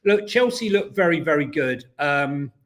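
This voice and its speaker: A man's voice: a little high, animated, normal speed, a bit bright. A man, co-hosting a casual football podcast, rambling through stories with many ums and restarts. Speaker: co-host.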